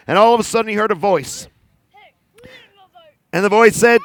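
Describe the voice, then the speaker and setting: Animated high-voiced male storyteller. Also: normal speed, pauses often, clean tone, no room sound. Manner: animated, talks straight to the audience. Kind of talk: live storytelling for children. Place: outdoor park celebration.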